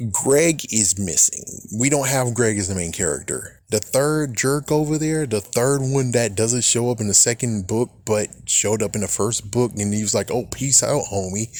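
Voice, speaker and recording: A young man ranting about books in a casual, rambling way, excitable and swearing often, mocking imagined critics in quick put-on voices. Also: fairly low pitch, no echo. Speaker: book fan vlogger. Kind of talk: casual rant.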